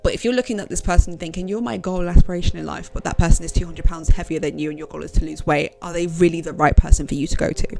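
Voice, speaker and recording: A woman's voice: low-pitched, rapid-fire, gravelly, hardly any pauses, dark tone, soft background music. A woman giving frank, direct motivational advice to her viewers in a casual vlog. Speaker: self-help vlogger. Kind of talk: motivational talk to camera.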